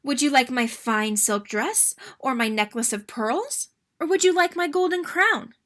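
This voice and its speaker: A woman's voice: high voice, expressive, unhurried, fairly bright tone, pitched above the performer's own voice. A woman voicing a young, spoiled princess in a read-aloud storybook, eager and breathless. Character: young spoiled princess, tearful then careless.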